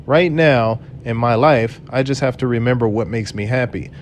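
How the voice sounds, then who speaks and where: An unsure, upset young woman who keeps changing her mind, as a man reads her part plainly. The voice sits at a middle pitch with little acting. A faint rumble hums underneath. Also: moderate pace, close to an everyday voice.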